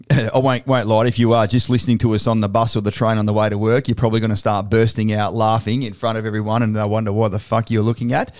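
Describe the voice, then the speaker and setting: A man's voice: on the low side, little pitch movement, fast talker, a little mellow. A middle-aged Australian man hosting a podcast interview, chatty and laughing often, swearing freely. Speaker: podcast host.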